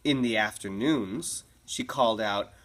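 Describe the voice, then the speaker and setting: A woman's voice: rumbling low, a little slow. A woman teacher reading a picture book aloud to her class in a classroom, with chatty asides and easy laughs.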